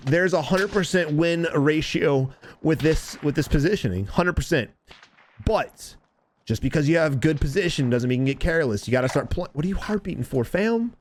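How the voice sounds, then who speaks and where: A man coaching viewers over game footage, deliberately dramatic and emphatic, talking straight to his audience. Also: on the high side, lively intonation, slight background noise. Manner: addresses viewers and chat directly. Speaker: gaming coach commentator. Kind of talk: gameplay commentary and tips.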